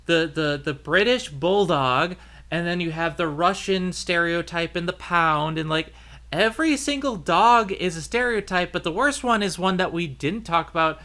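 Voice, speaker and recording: High, bright-voiced man chatting casually. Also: moderate pace. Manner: chatty, rambling with fillers and restarts. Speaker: podcast host. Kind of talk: casual chat.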